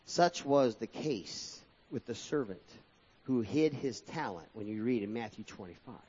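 A man preaching a sermon as pastor, calling out to his congregation and swinging between pressing emphasis and quieter asides. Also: medium pitch, unhurried, slightly rough, highs cut off. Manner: preaching with rising and falling emphasis, addressing the congregation as folks.

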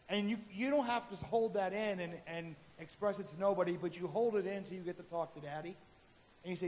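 A man with a fairly high voice preaches a sermon in a relaxed, conversational way, slipping into the voices of the people in his stories. The recording is dull and lo-fi, with a long hall reverb and faint noise behind him. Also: brisk. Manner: conversational preaching, acts out his own quotes. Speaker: pastor.

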